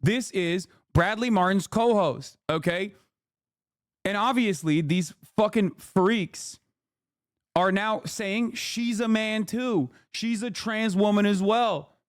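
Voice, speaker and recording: High-voiced man ranting profanely. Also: smooth, no room sound, studio quality. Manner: quick, sharp bursts into loud outbursts. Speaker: streamer host. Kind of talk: heated live-stream commentary.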